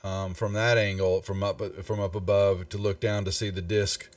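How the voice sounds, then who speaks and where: A man, the game master, describing the scene in a tabletop game, halting and full of ums and restarts. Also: fairly low pitch, flat delivery, no room sound, recorded from a distance.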